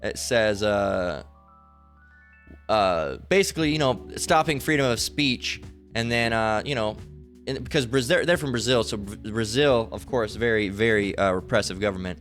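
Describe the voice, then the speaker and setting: Low-pitched man, informal and meandering delivery with repeated "all right?", soft music in the background. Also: normal speed. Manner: loose and rambling, keeps asking "all right?". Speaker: religious commentator. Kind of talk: casual spoken commentary.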